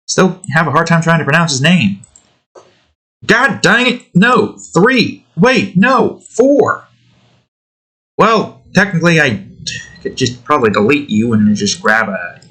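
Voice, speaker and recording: A man's voice: medium pitch, normal speed, a bit bright, breathy edge. An American man giving casual, rambling commentary while building a game, joking, swearing and talking to the objects on his screen. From United States. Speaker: hobby game developer.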